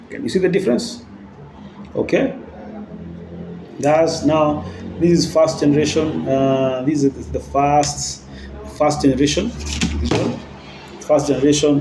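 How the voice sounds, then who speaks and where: A man's voice: mid-range voice, normal speed, pauses often, reverberant, noisy background. Man explaining hybrid battery cells. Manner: talks to viewers and checks in with frequent "okay?". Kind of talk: hands-on explanatory demonstration.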